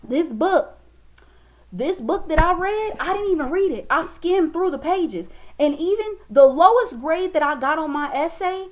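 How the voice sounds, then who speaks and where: A young woman talking casually to her viewers in a motivational monologue, chatty and expressive, calling them "baby" and "y'all". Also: very high voice, a little slow. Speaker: vlogger.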